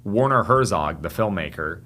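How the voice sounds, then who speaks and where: A young man chats as a podcast guest, spinning animated anecdotes with quick asides. His voice sits fairly low. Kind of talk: casual chat.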